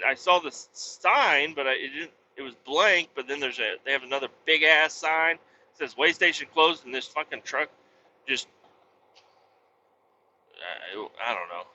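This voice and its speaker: A man vlogging from his truck on the highway, chatting casually in a blunt, rambling way and swearing freely. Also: bright, forceful tone. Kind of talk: casual chat while driving. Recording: dull lo-fi audio with faint road noise.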